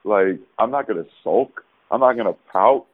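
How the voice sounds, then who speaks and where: A man, a former pro basketball player, telling rambling, animated stories as a podcast guest over a call. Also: fairly low pitch, normal speed, no room sound. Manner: rambling, animated, with frequent restarts. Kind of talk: casual storytelling. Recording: tinny phone-like dry sound.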